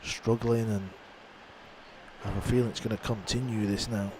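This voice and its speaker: A man's voice: lowish voice, fairly even intonation, normal speed, noisy background. A man giving live pool commentary in a conversational way, musing on how mistakes shake the players. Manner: conversational, reflective on players' mindset.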